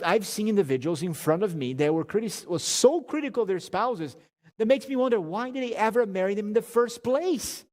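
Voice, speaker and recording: A man giving a conversational marriage seminar talk, animated and humorous, often restarting and repeating words. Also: high voice, big-room sound.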